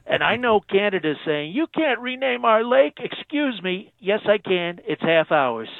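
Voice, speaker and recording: A phone-in guest does a heavily acted impression of a brash, self-praising male president, his high voice sing-song with vocal fry and a measured pace. He brags and hammers phrases through repetition. The line is tinny.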